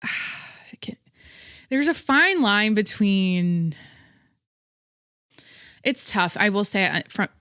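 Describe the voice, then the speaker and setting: A woman hosting a podcast, telling a story in a blunt, profane, animated monologue. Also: mid-range voice, slow, pauses often, no echo, studio quality. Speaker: podcast host. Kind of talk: casual monologue.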